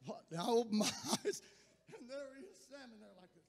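A man, a pastor giving an impassioned sermon that swells into shouting. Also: very high-pitched, big pitch swings, brisk, vocal fry, slightly rough, long reverb tail.

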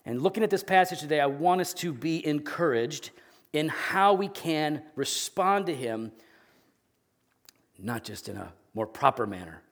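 A man in his thirties preaching from the pulpit, his voice sitting a little higher than most men's. He talks candidly and pokes fun at himself, then breaks into loud, acted yelling when he replays a family scene. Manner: candid, self-deprecating storytelling with dramatic bursts of acted yelling. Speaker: pastor. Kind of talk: sermon.

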